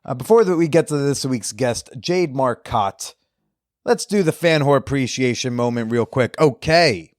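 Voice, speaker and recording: A man hosting a podcast, doing casual ad reads and fan shout-outs in a jokey, off-the-cuff way with crude humor. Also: mid-range voice, animated, normal speed, dry recording, studio quality. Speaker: podcast host.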